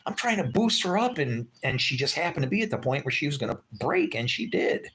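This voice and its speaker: A man's voice: fairly high pitch, sing-song, a little fast, bright, forceful tone. A man telling a rambling personal story on his vlog, chatty and loose, full of asides that check in with the listener. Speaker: vlogger.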